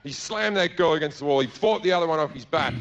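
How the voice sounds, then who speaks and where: A fairly high-voiced Australian man in his thirties delivers a stand-up story on stage, jumping between narration and acted-out voices. The recording is slightly dull, with faint noise underneath. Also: lively intonation. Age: 30s. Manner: acts out characters in quick bursts, shouts and mutters. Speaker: stand-up comedian. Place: theater stage before an audience.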